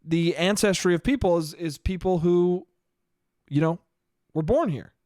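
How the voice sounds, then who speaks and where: A young American man riffs alone into the mic in a loose, swearing, rambling way, breaking into laughter now and then. His voice sits a bit high for a man. The sound is dry and close, with no room around it. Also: measured pace, a little mellow, no room sound. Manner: rambling, profane, laughs often. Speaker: podcast host. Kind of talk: solo casual monologue.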